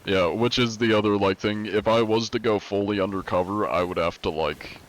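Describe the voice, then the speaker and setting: Give me a relaxed young male streamer with a lowish voice chatting with his viewers. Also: brisk. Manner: relaxed, rambling, filler-heavy. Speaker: livestreamer. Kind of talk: casual chat with stream viewers.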